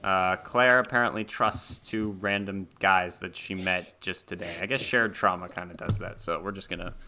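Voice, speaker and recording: A man's voice: low voice, steady tone, normal speed, background noise. A man narrating a tabletop horror game as game master, casual, with laughing asides and many ums.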